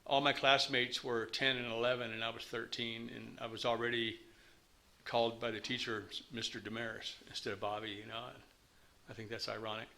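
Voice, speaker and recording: A man's voice: mid-range voice, flat delivery, brisk, pushed and bright, slight background noise. A man in his fifties from the United States, telling his personal recovery story to a meeting in a candid, rambling way.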